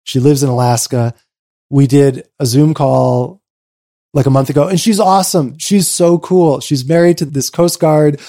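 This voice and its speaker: A man with a fairly high, mellow voice tells a personal story as an interview guest. He talks animatedly, surging with excitement and then dropping into soft, reflective passages. His speech is full of "like" fillers. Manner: animated, swings from excited rushes to quiet reflective lows; frequent "like" fillers.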